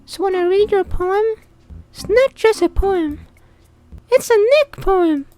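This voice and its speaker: A woman's voice: very high-pitched, takes it slowly, soft background music, full character voice. A woman voicing a cheerful, bubbly, airheaded teenage girl in a visual novel, gushing and giggly. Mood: affectionate. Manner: gushing, giggly, easily excited.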